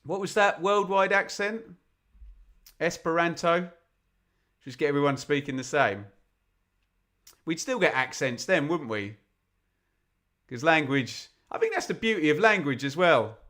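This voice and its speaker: A man from England giving live football commentary on a fan watch-along, chatty and opinionated, with sudden bursts of excitement when chances come. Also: on the high side, normal speed, pauses often. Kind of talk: live football commentary mixed with casual chat.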